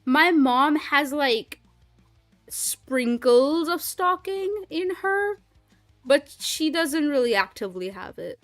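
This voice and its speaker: A woman's voice: high voice, expressive, slow pace, no echo, soft background music. A young woman streaming, chatting casually and rambling with lots of fillers and frequent laughs. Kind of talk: casual livestream chat.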